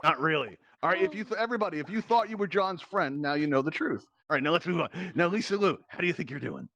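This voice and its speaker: A male host runs a virtual reality game show at a brisk clip, ribbing his contestants in a playful, teasing way. His voice sits a little high and sounds close and dry through a headset mic. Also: animated, a bit bright, no room sound, dull audio.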